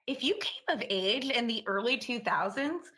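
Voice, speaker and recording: A woman in her thirties co-hosting a podcast, chatting about movies in an animated, rambling way with lots of fillers. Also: on the high side, moderate pace. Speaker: podcast co-host. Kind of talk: casual movie chat.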